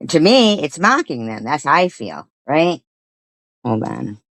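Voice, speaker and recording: A woman's voice: deep voice, very animated, a little slow, a little hiss or hum. A woman giving a profane, blunt, scornful commentary rant on a livestream. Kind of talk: ranting commentary.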